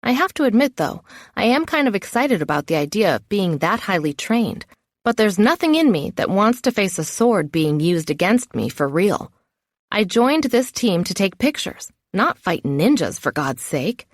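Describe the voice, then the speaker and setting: A woman's voice: mid-range voice, sing-song, moderate pace, no echo, studio quality. A woman narrating a first-person novel in a wry, self-mocking inner voice. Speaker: audiobook narrator.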